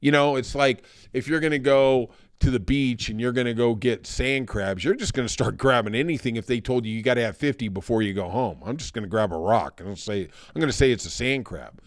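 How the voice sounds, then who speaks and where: A man's voice: medium pitch, brisk, hardly any pauses, no echo, clean studio sound. A man hosting a solo political podcast, talking in a conversational, thoughtful way. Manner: conversational, thoughtful, turning somber. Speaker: podcast host.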